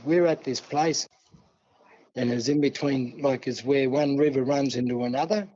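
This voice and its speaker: An older man from New South Wales with an Australian accent, telling a long story in a relaxed interview and acting out the dialogue. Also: mid-range voice, normal speed. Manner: yarning, acts out dialogue, many "see?" and "mate". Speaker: guest elder. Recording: dull lo-fi sound.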